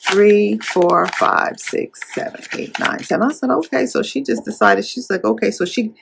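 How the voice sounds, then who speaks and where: A woman chatting casually while counting cash at home, animated and playful as she retells a story. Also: medium pitch, moderate pace, gravelly, slightly rough. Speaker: cash-stuffing YouTuber.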